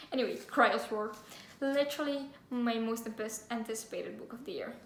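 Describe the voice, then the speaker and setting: Young female book vlogger, gushy and giggly, high voice, roomy echo. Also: normal speed, hardly any pauses, slight background noise. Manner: gushing, giggly, full of fillers. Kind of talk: casual book haul chat with read-aloud synopses. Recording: echoey room, faint ambience.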